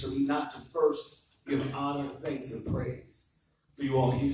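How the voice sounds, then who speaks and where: Earnest man speaking in a booming hall. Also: slight background noise. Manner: earnest, reverent, gives thanks to elders. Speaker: guest speaker. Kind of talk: public address. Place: courthouse event hall. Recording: echoey hall, far from the mic.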